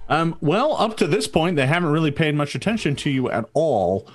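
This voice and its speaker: A man's voice: on the high side, sing-song, a little fast, soft background music. A man narrating as game master of a tabletop game, hesitant and full of restarts. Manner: hesitant, many ums and restarts.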